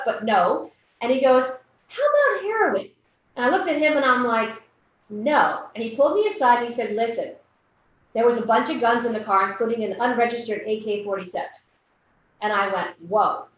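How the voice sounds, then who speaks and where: Woman keynote speaker, high voice, animated storyteller; distant lo-fi hall recording. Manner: storytelling, acting out quoted people. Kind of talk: conference keynote talk. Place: large conference hall. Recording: echoey hall, lo-fi from afar.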